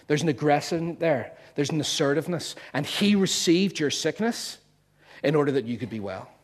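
A man's voice: fairly high pitch, expressive, moderate pace. A man preaching a sermon, emphatic and playful as he explains word meanings to his congregation.

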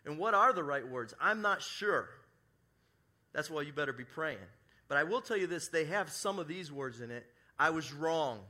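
A man preaching a sermon as pastor at a church service, acting out sample apologies and moving between loud emphasis and soft, hushed lines. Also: a little high, lively intonation, normal speed. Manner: acts out quoted apologies in his own voice.

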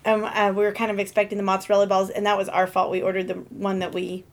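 A woman co-hosting a podcast, chatting casually and warmly about a trip, laughing often. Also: mid-range voice, completely flat delivery, quick pace. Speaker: podcast co-host. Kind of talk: casual chat.

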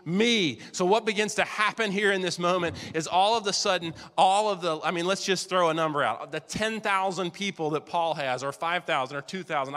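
Bright-voiced male pastor preaching in a hall. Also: sits high. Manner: preaches with dramatic read-aloud quotes and slowed emphasis. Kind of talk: sermon.

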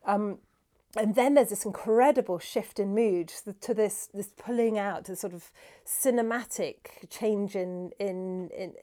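A woman with a mellow, warm voice talks through a song with a scholar's enthusiasm. She is animated, often restarts her sentences and sounds out the rhythms as she goes. Her pitch sits in the middle. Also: a little slow. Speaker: cellist and music scholar. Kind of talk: explaining music in an interview.

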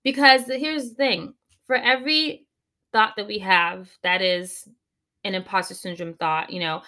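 A woman coach talking as a podcast guest, giving advice in an animated way and slowing down to stress her points. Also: mid-range voice. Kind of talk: podcast interview, conversational advice.

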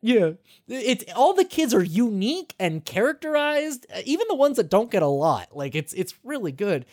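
A man's voice: sits high, big pitch swings, moderate pace, a little mellow, no echo, studio quality. A man hosting a podcast, recapping a game in casual chat, swearing freely, laughing often and rambling with restarts. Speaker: podcast host.

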